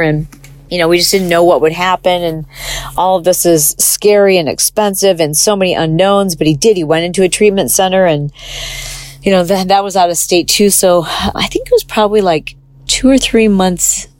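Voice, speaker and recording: A woman hosting her own show, telling a personal story in an earnest, conversational way, full of little fillers. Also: lowish voice. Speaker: host. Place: car.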